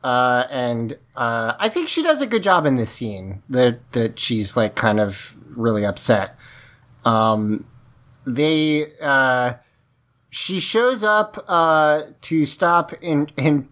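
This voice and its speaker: A podcast co-host recapping a show episode in casual chat, halting and full of fillers. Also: mid-range voice, very animated, a bit bright. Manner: unhurried, halting, many fillers and restarts.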